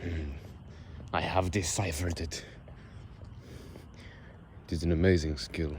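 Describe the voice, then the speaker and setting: A man vlogging as he walks outdoors, talking in an unhurried, wordy and self-amused way that sometimes drifts into soft murmurs. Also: sits low, steady tone, background noise. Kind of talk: rambling walk-and-talk monologue. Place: outdoors on an evening walk.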